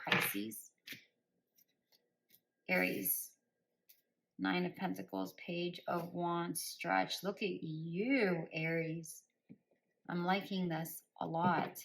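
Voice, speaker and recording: A woman's voice: lowish voice, extremely slow, gravelly, long pauses, a little hiss or hum, low-quality recording. A woman giving a spoken tarot reading. She speaks directly to listeners by star sign and repeats phrases for emphasis in a coaching tone. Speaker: tarot reader.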